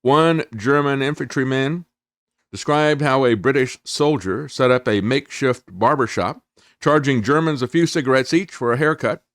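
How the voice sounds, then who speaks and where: A man hosting a talk show tells a history story in a loose, unhurried monologue. His voice sits at a middle pitch and the sound is dry and close, with no room around it. He leans on fillers and reads old letters aloud. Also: no room sound. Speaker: show host. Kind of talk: casual monologue retelling history.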